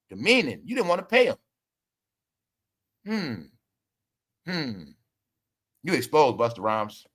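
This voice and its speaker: Animated man hosting gossip commentary. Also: fairly high pitch. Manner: animated, mocking, laughs often, addresses viewers as y'all. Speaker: commentary show host.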